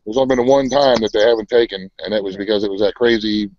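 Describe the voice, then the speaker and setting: A man's voice: fairly low pitch, fast, darkish tone, muffled recording, slight background noise. A man co-hosting a homestead live show in casual, laid-back chat.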